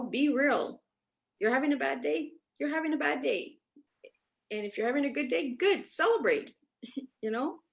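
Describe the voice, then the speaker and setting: A woman from Canada, a podcast guest, telling her personal story in an earnest, emphatic way and repeating herself for stress over a remote call. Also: high-pitched. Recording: dull lo-fi remote audio.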